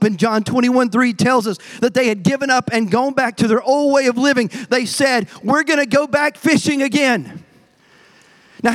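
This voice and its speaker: A male pastor preaching a sermon to his congregation, emphatic and repetitive, often calling out directly to the people in front of him. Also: sits high. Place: church service before a congregation.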